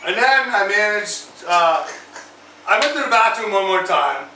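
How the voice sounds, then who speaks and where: A man hosts his own drinking vlog, swearing his way through a rambling, animated bar story. His voice sits high and sounds bright and sharp. It is recorded in a roomy, echoey space with faint background noise. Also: a little slow, distant mic. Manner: profane, rambling, animated retelling. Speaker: vlog host. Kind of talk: crude storytelling over drinks.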